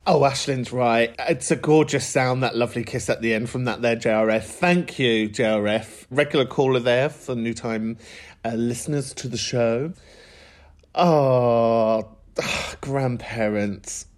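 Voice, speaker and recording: A man's voice: mid-range voice, a little slow. A man hosting a podcast, telling stories in a chatty, laughing way. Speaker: podcast host. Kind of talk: casual chat.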